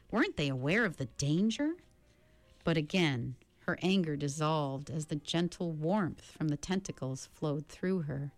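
A woman narrating an audiobook in a calm, unhurried manner. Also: deep voice, no room sound.

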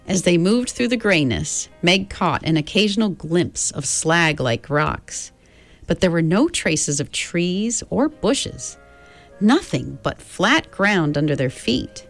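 A woman's voice: lowish voice, expressive, slow pace, gravelly, faint music behind. A woman reading a storybook aloud expressively, voicing each character. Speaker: audiobook narrator.

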